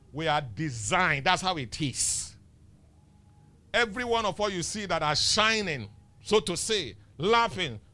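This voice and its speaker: A man's voice: on the high side, bright, forceful tone. A male pastor preaching a sermon, emphatic and teasing, firing rhetorical questions at the congregation. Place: church.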